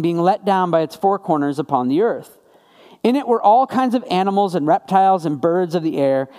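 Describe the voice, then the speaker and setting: A man's voice: sits high, darkish tone, in a large hall. A man preaching a sermon in a conversational way, piling up rhetorical questions. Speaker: pastor.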